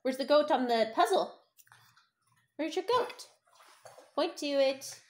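A young woman teaching a toddler phonics at home, sounding out letters slowly in a sing-song, encouraging way. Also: high-pitched, animated. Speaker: parent teaching a child to read.

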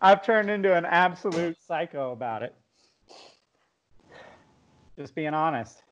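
A man with a slightly high voice jokes about himself in casual podcast chat and laughs a lot. The recording is a little dull and lo-fi. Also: expressive, a little slow, a crowd in the background. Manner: joking, self-mocking, laughs a lot. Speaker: podcast co-host.

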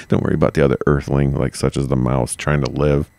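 A man's voice: a bass voice, level tone, brisk, vocal fry, darkish tone, no room sound. A man co-hosting a podcast in casual comedic chat, rambling, joking and swearing freely. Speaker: podcast co-host.

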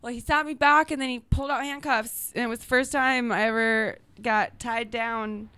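A woman guest telling a story in a casual interview, animated and often laughing, her voice jumping high when she gets excited. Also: normal speed, clean tone.

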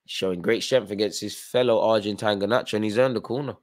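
A man's voice: fairly low pitch, steady tone, fast. Tired man doing a football watchalong. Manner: chatty running play-by-play with fan reactions. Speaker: watchalong host. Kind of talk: live football watchalong commentary.

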